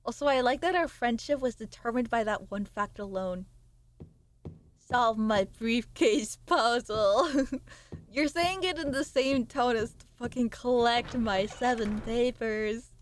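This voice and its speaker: A woman's voice: a little high, moderate pace. A young woman streaming a game, chatting and giggling with her viewers as she plays. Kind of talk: casual live game-stream chat.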